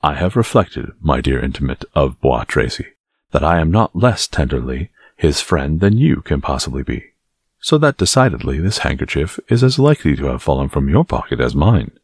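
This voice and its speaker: A man voicing a polished young musketeer who speaks with measured, cold courtesy. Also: extremely low pitch, sing-song, husky, no echo, studio quality, heavily acted. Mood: cool.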